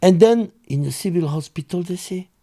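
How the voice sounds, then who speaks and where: A man's voice: high-pitched, moderate pace, dark tone. An older man, telling a story as an interview guest, acting out other people's voices and laughing often. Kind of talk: animated storytelling.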